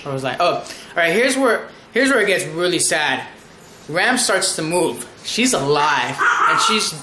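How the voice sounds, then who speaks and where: An anime reviewer giving a casual episode recap, excitable and rambling, with frequent swearing. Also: mid-range voice, reverberant, background noise.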